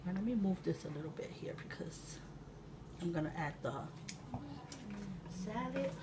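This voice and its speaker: A woman from Puerto Rico in her thirties, an excitable, chatty cooking-channel host with sudden loud exclamations and laughter, talking casually in her home kitchen. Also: fairly low pitch, moderate pace. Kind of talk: casual cooking vlog chat. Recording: distant mic with room noise.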